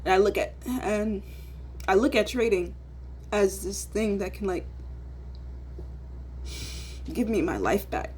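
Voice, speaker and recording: A woman's voice: mid-range voice, takes it slowly, pauses often, a little mellow, slight background noise. A woman in her twenties giving an emotional, profanity-laced vlog rant, dropping "bro" after almost every line. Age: 20s. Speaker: day trader vlogger. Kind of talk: casual ranting vlog.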